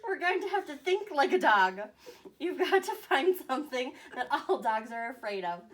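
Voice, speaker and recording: A woman's voice: high voice, big pitch swings, normal speed, fairly bright tone, pitched above the performer's own voice. A woman voicing a learned female mouse scientist who lectures and explains in a storybook reading. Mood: urgent.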